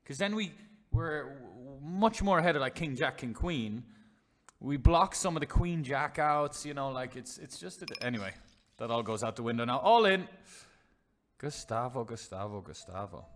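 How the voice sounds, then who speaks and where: A man's voice: on the high side, animated, normal speed. A man commentating on his own online poker hands live, chatty and swearing freely, talking to his chat as lads and boys. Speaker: poker streamer.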